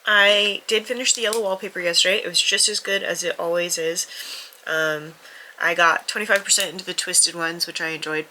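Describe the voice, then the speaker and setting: A woman's voice: on the low side, normal speed, bright, forceful tone, a little hiss or hum, low-quality recording. Stuffy-nosed woman, candid vlog chatter. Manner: candid and self-deprecating, swears freely. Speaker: book vlogger. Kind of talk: casual vlog talk to camera.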